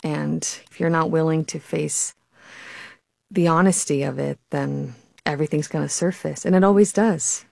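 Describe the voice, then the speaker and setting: A woman actor, a guest, talking reflectively and softly in casual chat. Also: low-pitched, steady tone, moderate pace, creaky, no room sound, studio quality. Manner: reflective, soft-spoken, casual.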